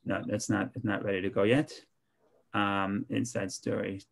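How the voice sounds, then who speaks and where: A man's voice: on the low side, little pitch movement, normal speed, vocal fry. A man, a rabbi, teaching an informal online Torah class in a conversational way, often repeating and restarting his words.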